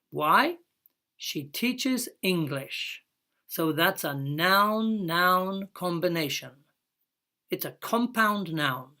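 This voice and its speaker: Slow, careful woman teaching English. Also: fairly low pitch, lively intonation, bright, forceful tone. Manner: slow, careful explaining with drawn-out example words. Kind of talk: recorded English lesson.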